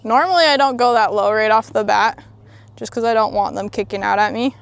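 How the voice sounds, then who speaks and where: A woman's voice: a little high, fairly quick, gravelly, no room sound. A woman horse trainer outdoors at a ranch, explaining a training demo and giving soothing, encouraging praise to a horse.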